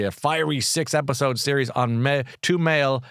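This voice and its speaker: A man's voice: medium pitch, normal speed, a bit bright, clear, resonant tone, dry recording, clean studio sound. A man hosting a live show about books and films, chatty and enthusiastic. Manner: chatty and enthusiastic, with frequent restarts. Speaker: host of a live book and culture show.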